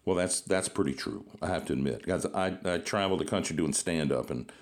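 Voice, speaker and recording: A podcast host with a low, brisk voice keeps this casual interview chat light, cracking jokes and spinning stories while laughing often.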